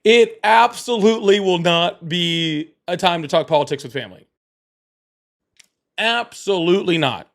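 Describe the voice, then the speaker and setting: Guy rambling on a livestream, kinda high voice, keeps laughing and repeating stuff. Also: unhurried, gravelly. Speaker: livestream host. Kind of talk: casual livestream chat.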